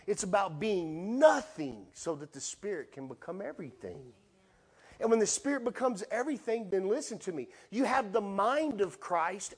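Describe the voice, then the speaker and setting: A middle-aged male pastor preaching a sermon, animated, with playful acted asides to the congregation. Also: high-pitched, breathy edge.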